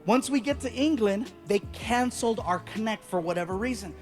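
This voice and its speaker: Brief: man in his forties, stand-up comic on a big stage, lively storyteller, clear music underneath. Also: high voice, brisk. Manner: animated, shouts the punchlines in voices. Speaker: stand-up comedian. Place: stage before a large audience.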